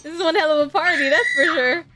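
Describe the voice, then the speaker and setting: A young woman streaming a dating game, reading the narration aloud and reacting with excitement and laughter. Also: high voice, fast talker, music in the background.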